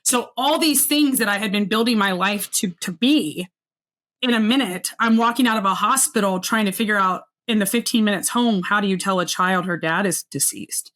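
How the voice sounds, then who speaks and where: A woman guest speaks on a podcast about her own life. Her voice sits at an ordinary middle pitch. She talks earnestly and reflectively, and she slows down over the hardest moments. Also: a bit bright. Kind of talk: personal storytelling in a podcast interview.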